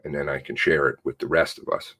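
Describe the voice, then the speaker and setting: Furious husky man ranting. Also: a bass voice, fairly even intonation, fast. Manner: furious ranting, swearing, swinging from shouts to hushed mutters. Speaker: channel host. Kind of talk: angry commentary reading a news release.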